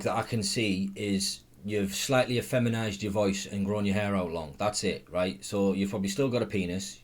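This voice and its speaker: A man's voice: on the low side, darkish tone. A man giving blunt, profane, sarcastic running commentary. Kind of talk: ranting commentary.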